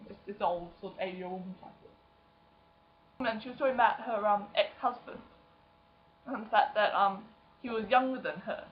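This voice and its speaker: A young woman vlogging in casual chat, self-mocking and quick to act out other people's voices. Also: medium pitch, a little hiss or hum. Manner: chatty and self-mocking, acting out friends' voices. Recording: dull lo-fi webcam sound.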